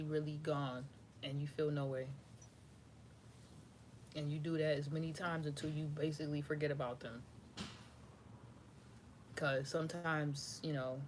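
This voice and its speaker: A woman's voice: low voice, a little hiss or hum. A woman tarot reader, giving a loose, rambling, profane spiritual reading to camera.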